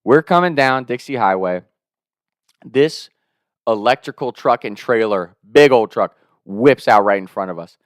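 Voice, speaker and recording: A young man in his twenties telling a wild story in a casual, animated way, swearing and laughing as he goes. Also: mid-range voice, a little slow, no echo, clean studio sound. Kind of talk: casual spoken anecdote.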